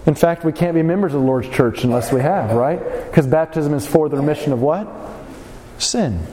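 A man preaching a sermon in a church hall, animated and firing rhetorical questions at his congregation. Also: on the high side, normal speed.

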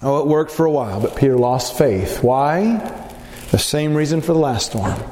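A man preaching a sermon, reading scripture and acting out the quotes with lively emphasis. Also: moderate pace. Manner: animated, acts out scripture quotes with rising pitch. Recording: reverberant hall with faint ambient noise.

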